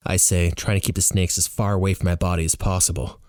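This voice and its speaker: A man narrating a novel in the first person with an animated, expressive reading. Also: low-pitched, fast, few pauses, no room sound. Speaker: audiobook reader.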